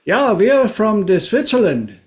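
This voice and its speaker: A polite foreign tourist asks mild, wondering questions in a raised voice, as a man puts him on. He sounds gently puzzled. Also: high-pitched, very animated, a little slow, pitched above the performer's own voice, exaggerated voice.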